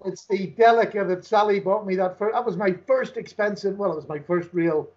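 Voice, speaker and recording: An older Irish man spins anecdotes in a relaxed, chuckling manner. His voice sits high for a man, and the sound is slightly dull and lo-fi. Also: a little fast. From Ireland. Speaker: podcast guest. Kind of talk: casual storytelling chat.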